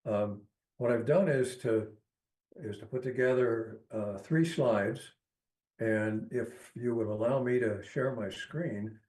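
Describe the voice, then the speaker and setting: Halting man on an echoey remote call. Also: lowish voice. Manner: halting, many fillers and restarts. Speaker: resident giving public comment. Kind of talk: remote public comment. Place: joined remotely by video call. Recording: echoey, quiet remote audio.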